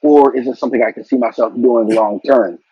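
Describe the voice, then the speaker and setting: A man's voice: medium pitch, fairly even intonation, fairly quick, breathy edge. A middle-aged man, a marketing executive, giving earnest career advice in a casual interview and often repeating words as he talks. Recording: dull, lo-fi sound.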